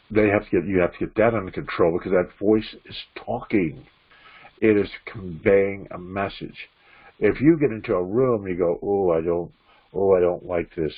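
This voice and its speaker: A man's voice: fairly low pitch, slightly rough, narrow, tinny audio. A man, a spiritualist minister, giving an informal, repetitive spiritual teaching talk and acting out inner voices.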